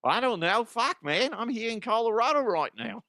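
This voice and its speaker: A man voicing a boozy, excitable party guy with an Australian accent. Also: moderate pace, no room sound, clean studio sound, full character voice. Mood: rowdy. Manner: high, excitable, rambling.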